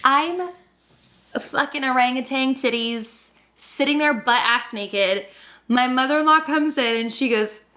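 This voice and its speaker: A woman's voice: high-pitched, measured pace. Laughing woman telling a story. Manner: laughing, animated, swears freely. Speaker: podcast co-host. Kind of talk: casual storytelling chat.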